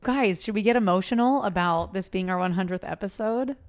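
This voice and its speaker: A woman's voice: medium pitch, lively intonation, moderate pace. A woman co-hosting a podcast, chatting casually in a giggly, candid way. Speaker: podcast co-host. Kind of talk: casual chat.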